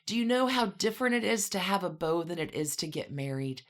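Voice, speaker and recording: A gracious older society lady, as a woman puts her on, measured and gently probing. The voice is low for a woman and stays calm and even.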